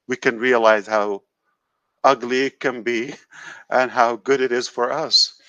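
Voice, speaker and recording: A man talks casually on a live call in a lowish voice, stopping and starting with lots of fillers. The audio is dry and slightly dull, with no room sound. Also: a bit bright, no echo. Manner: halting, many fillers and restarts. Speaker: company founder hosting a live call.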